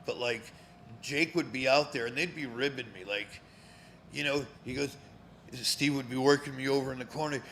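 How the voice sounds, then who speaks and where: A man's voice: medium pitch, moderate pace, a bit bright, slight background noise. A man in his fifties from Connecticut, a former pro wrestler guesting on a live show, telling stories in a rambling, profane way with many fillers. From Connecticut, USA. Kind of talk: casual storytelling. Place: cigar lounge, live show.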